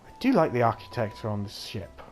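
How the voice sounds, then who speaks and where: A man's voice: fairly low pitch, big pitch swings, fairly quick, faint music behind. A man giving casual gameplay commentary in a hesitant, self-deprecating way with many fillers. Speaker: let's play gamer.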